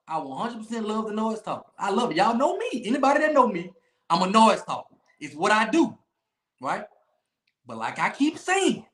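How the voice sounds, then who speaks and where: A man hosting a sports talk stream, his fairly high voice swinging widely as he hammers his points. He repeats phrases and talks noise with big emphasis. The sound carries a roomy echo. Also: big pitch swings, fairly quick, fairly bright tone. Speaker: podcast host. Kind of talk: animated sports talk livestream.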